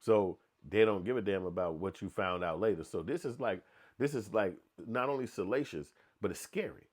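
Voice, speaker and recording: Man, lowish voice, blunt, profane, slangy, opinion rant. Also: normal speed, husky. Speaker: commentator.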